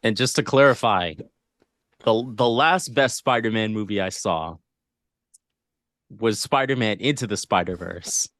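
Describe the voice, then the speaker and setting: A man's voice: fairly low pitch, measured pace, long pauses, fairly bright tone, no echo, studio quality. A man co-hosting a streaming podcast, chatting casually and laid-back, swearing often. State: sleepy. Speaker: podcast co-host. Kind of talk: casual chat.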